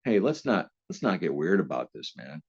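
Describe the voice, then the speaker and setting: A man voicing a calm, blunt male deckhand who speaks low and matter-of-fact in a story. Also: fairly quick, no room sound, lo-fi sound.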